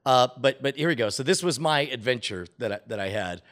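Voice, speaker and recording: A man's voice: medium pitch, brisk. A man co-hosting a casual tech podcast, talking animatedly and laughing as he recounts a game. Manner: animated, laughing, reads game text aloud with rising excitement. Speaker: podcast co-host.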